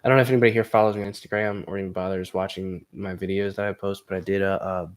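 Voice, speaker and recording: A young man with a fairly low voice chats loosely with his live-stream viewers. He rambles, swears, and runs himself down. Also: fairly even intonation, very fast. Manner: rambling, self-deprecating, crude. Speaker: comedian streamer. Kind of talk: casual live-stream chat.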